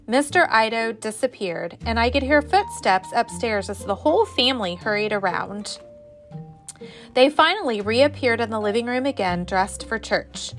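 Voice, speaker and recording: A woman teacher reading a children's story aloud to a class, with an expressive, animated delivery. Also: medium pitch, unhurried, faint music behind.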